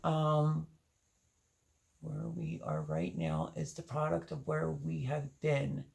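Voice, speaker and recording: A woman's voice: deep voice, slow pace, gravelly, a little mellow. A woman hosting a gardening channel live stream, chatting casually and reading viewer comments aloud.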